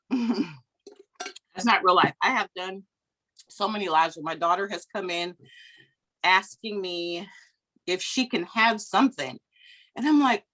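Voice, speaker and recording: A middle-aged business coach gives a chatty, lively motivational talk over a video call. She laughs often and acts out anecdotes in quoted voices, speaking at a moderate pace in a mid-range voice.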